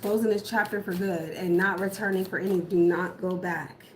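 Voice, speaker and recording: A woman's voice: fairly low pitch, steady tone, moderate pace. Emphatic woman reading tarot. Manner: emphatic, repetitive warnings. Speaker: tarot reader. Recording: echoey room, faint background noise.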